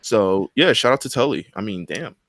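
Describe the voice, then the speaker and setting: A man's voice: on the low side, expressive, moderate pace, fairly bright tone, dry recording, studio quality. A young man co-hosting a casual podcast chat about old wrestling shows, rambling and joking as he talks. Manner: rambling, joking, restarts often. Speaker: podcast co-host.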